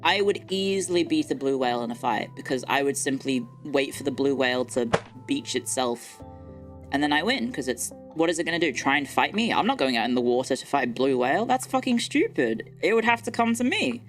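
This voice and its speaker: A woman's voice: a bass voice, lively intonation, a little fast, soft background music. A young woman streamer chatting casually and boasting playfully, swearing freely as she answers viewer comments.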